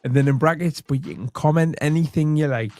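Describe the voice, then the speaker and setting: A man with a slightly raised pitch talks through a comedy reaction video in wry, chatty asides. His voice sounds dry and close, with no room around it. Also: brisk, darkish tone, no echo. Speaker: commentary host.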